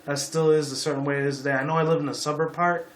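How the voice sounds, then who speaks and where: A man's voice: fairly high pitch, steady tone, very fast, roomy sound, a little hiss or hum. A man in his twenties from Las Vegas, ranting on a vlog in a rambling, profane way and leaning on "you know" again and again. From Las Vegas, Nevada. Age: 20s. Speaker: YouTuber. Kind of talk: rambling opinion rant.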